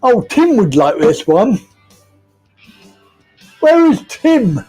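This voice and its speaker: A man's voice: high voice, sing-song, slow, a little mellow, slightly rough, faint music behind, low-quality recording. A man hosting a casual live stream from home, being silly, giggling and greeting viewers by name.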